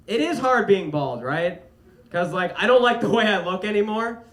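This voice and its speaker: A young man doing a stand-up comedy set on stage, with a light, fairy-tale-like voice. He is animated and laughs through his punchlines. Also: sits high, moderate pace. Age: young adult. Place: comedy stage before a live audience. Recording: roomy live venue, loud audience noise.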